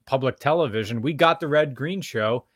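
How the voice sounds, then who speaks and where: A man's voice: medium pitch, moderate pace, a bit bright, slightly rough, dry recording, studio quality. A young man from Pennsylvania, co-hosting a live stream in casual, playful chat. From Pennsylvania, USA. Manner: playful, chatty, runs audience audio checks. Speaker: stream co-host.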